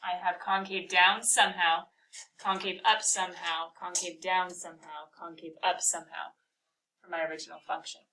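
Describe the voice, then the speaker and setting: A woman teaching a calculus class, talking through a problem and firing quick questions at her students. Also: on the low side, little pitch movement, far from the mic, a crowd in the background, poor audio. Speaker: math teacher.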